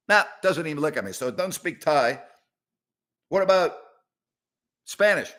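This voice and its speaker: A man's voice: a little high, very animated, normal speed, pauses often, a bit bright. A middle-aged man hosting a live sports talk show from a house, rambling and sarcastic, exasperated as he talks back to his audience. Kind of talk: live call-in show chat. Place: house, indoors.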